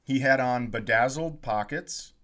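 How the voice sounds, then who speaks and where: A man hosting a comedy podcast, telling a story in a casual, animated way and acting out what people said. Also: mid-range voice, measured pace. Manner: animated storyteller, acts out quotes, laughs often.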